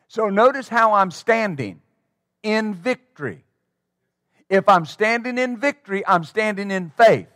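Man, pastor, high voice, dry close sound, emphatic call-and-response preaching. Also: a bit bright, no echo. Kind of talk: sermon.

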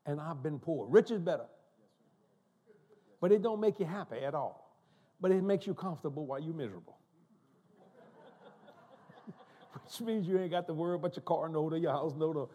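An older man preaching a storytelling sermon in a church, animated and joking as he goes. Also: fairly high pitch, moderate pace, pauses often, slightly rough. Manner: animated, joking, laughing asides. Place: church sanctuary.

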